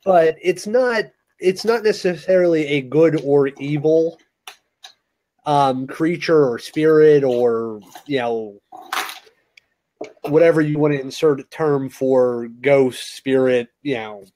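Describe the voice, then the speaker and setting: A man's voice: a little high, slow pace, mellow. A man co-hosting a casual podcast, explaining things steadily with lots of "you know" fillers. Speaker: co-host.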